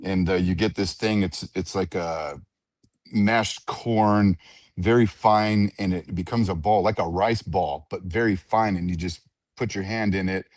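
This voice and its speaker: Man, low voice, dry close sound, ring announcer, casual interview, animated storyteller. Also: a little slow, no echo. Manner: animated storyteller who acts out others' voices.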